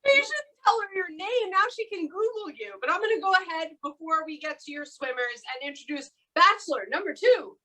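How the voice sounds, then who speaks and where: A woman's voice: very high-pitched, lively intonation, brisk, few pauses, rough recording. A woman hosting a live comedy dating game show, playful and teasing, with frequent laughter. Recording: live club with loud crowd noise.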